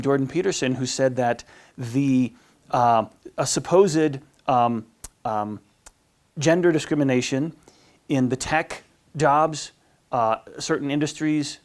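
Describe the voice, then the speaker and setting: A man giving a marriage class as a priest, talking informally with lots of fillers and restarts and acting out the voices he quotes. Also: medium pitch. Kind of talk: informal teaching talk.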